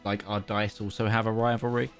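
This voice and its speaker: A man's voice: fairly low pitch, level tone, brisk, soft background music. A man playing a tabletop game, making wry joking remarks about dice and his character's misfortune. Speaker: player. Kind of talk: casual play at a tabletop game.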